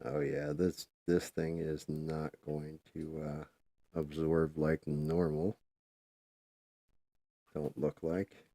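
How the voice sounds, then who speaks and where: A man's voice: extremely low pitch, flat delivery, drawn-out words, long pauses, mellow, dry recording, clean studio sound. A man hosting a live stream, chatting casually and swearing freely while he paints. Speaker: livestream host.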